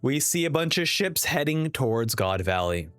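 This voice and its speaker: Animated young man reacting to a comic. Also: mid-range voice, moderate pace, no room sound, faint music behind. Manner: excitable, animated. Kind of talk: reading a comic aloud and reacting.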